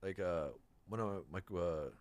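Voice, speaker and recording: Low-voiced man telling a profane story. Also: moderate pace, dry recording, studio quality. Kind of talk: casual chat.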